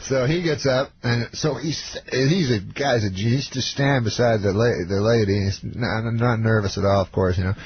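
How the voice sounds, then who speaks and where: A man from Canada, a comedian guest, telling a long story in a deadpan, halting way with plenty of fillers. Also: mid-range voice, muffled recording, a little hiss or hum. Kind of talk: rambling storytelling.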